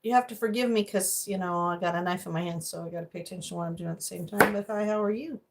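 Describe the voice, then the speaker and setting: A middle-aged woman with a lowish voice talks fast while livestreaming from her home kitchen as she cooks, and the audio is very noisy. She greets viewers by name and wanders into rambling, unscripted asides.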